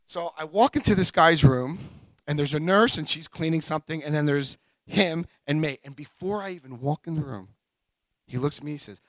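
A man in his forties tells a story to a big audience, his voice slightly high for a man and leaping all over the place as he acts out each character. The sound is close and dry, with no room echo. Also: animated, normal speed. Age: 40s. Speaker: speaker sharing recovery story. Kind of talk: live talk to an audience.

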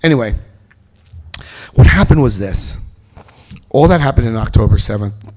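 Middle-aged man, storyteller at a talk; animated, acts out quotes, spikes into loud excitement. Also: mid-range voice, normal speed. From New Jersey, US. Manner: animated storyteller acting out other people's lines, bursts of loud excitement. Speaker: speaker telling his recovery story. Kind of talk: personal storytelling speech.

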